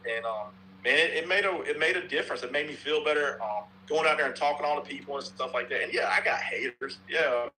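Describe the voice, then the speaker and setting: A man's voice with a bright, forward edge, talking loosely and at length in a relaxed podcast conversation. He is middle-aged and from North Carolina, circles back on his own words and drops a swear word now and then. A faint hum sits behind him. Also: mid-range voice, fairly quick, poor audio. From North Carolina, USA. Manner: rambling, repeats himself, swears casually. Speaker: softball bat reviewer and podcast guest. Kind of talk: casual podcast chat.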